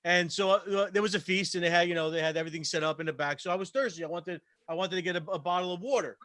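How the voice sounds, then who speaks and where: A man talks fast and animated as he hosts a relaxed panel chat. His voice sits high and bright. The sound is dry and close. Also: no echo. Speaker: host. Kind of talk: casual panel chat on a livestream.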